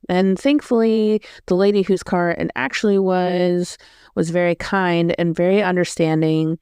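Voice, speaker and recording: A woman's voice: lowish voice, fairly even intonation, measured pace, a little mellow, clean tone, no room sound, clean studio sound. A woman vlogger telling a story in a casual, rambling way, often correcting herself. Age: adult.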